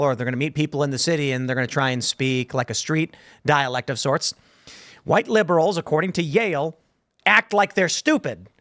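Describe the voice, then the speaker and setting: A man's voice: fairly high pitch, a bit bright, no echo, studio quality. A man hosting a podcast, reading headlines aloud and reacting with disbelief. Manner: reads headlines aloud with incredulous asides. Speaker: host. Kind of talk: casual podcast talk.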